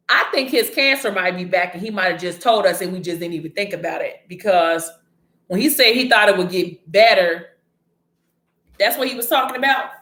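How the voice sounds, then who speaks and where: A woman's voice: mid-range voice, moderate pace, a bit bright. Chatty woman retelling a story, echoey room. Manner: chatty, breaks off to scold someone nearby. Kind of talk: casual retelling of a story to camera.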